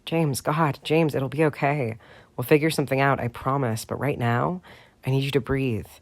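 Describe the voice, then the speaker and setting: A man voicing a calm, soothing young friend. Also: medium pitch, normal speed, close to an everyday voice. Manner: gentle, reassuring.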